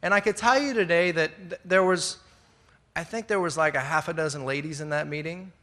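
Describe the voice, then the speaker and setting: A man's voice: fairly high pitch, fairly quick, fairly bright tone. A middle-aged man telling his recovery story to a meeting audience, rambling and earnest with many fillers and restarts. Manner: earnest, laughs at himself. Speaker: speaker sharing at a recovery meeting. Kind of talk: personal recovery share to a live audience. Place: indoor meeting room with an audience.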